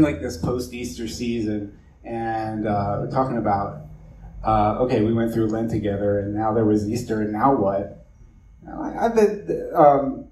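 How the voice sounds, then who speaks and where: A man's voice: medium pitch, darkish tone. Man, pastor type, casual rambling delivery; distant mic, roomy echo. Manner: loose and chatty, many fillers and asides. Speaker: pastor leading a church meeting. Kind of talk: casual evening talk to a congregation. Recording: echoey room, distant mic, faint noise.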